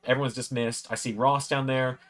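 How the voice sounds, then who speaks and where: A man in a home room, spinning a loose, rambling story for his watch-along viewers. His voice sits at an ordinary middle pitch. He jumps up higher whenever he acts out what other people said. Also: level tone, brisk, a bit bright. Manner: rambling anecdote, acts out quoted lines in a raised voice. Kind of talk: casual storytelling.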